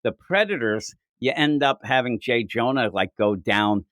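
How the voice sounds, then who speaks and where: A man's voice: medium pitch, expressive, moderate pace, a bit bright, no echo, clean studio sound. A man co-hosting a podcast, chatting casually about comics and slipping into goofy quoted voices. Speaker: podcast co-host. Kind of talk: casual comic book review chat.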